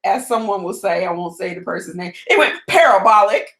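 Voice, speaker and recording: Brisk chatty woman on a live stream with her husband, echoey room. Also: medium pitch, lively intonation, a bit bright. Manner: brisk, chatty, quick to back up her points. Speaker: host's wife and co-presenter. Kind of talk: casual live-stream chat.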